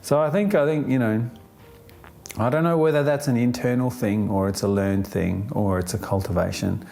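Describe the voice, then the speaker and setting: A man answering an interview question in a thoughtful, unhurried way, often pausing with fillers and restarting his sentences, with a gently upbeat tone. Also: medium pitch, steady tone, gravelly.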